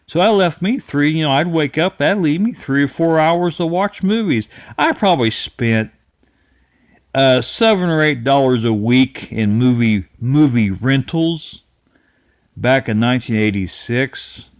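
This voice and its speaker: Slow folksy middle-aged storyteller. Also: male voice, mid-range voice, expressive, no echo, clean studio sound. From Ohio-Kentucky area. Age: 50s. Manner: rambling, folksy, chuckling, restarts often. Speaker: channel host. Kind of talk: casual storytelling monologue.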